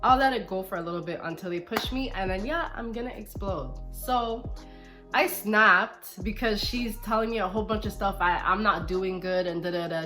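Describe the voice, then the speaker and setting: A woman vlogger telling a personal story in casual storytime style, animated and acting out what people said. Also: mid-range voice, moderate pace, music in the background. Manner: animated, re-enacts quotes, frequent laughs. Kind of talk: storytime vlog.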